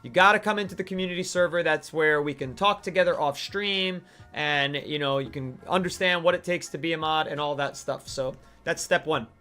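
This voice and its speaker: High, bright-voiced ranting male streamer. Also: a little fast, few pauses, soft background music. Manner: animated, mock-outraged ranting. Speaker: streamer host. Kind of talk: live-stream gaming commentary.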